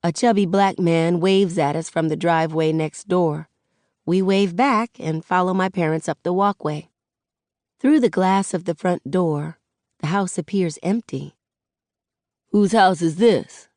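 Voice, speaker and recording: A woman reads a first-person audiobook with relaxed, conversational storytelling. Her voice is low and unhurried. The recording is close and dry, with no room sound. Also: no room sound. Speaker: audiobook narrator.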